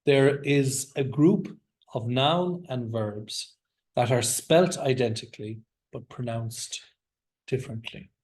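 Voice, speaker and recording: A man's voice: medium pitch, takes it slowly, darkish tone. A man teaching a classroom vocabulary lesson, encouraging his students and drilling the words aloud with them. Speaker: English teacher.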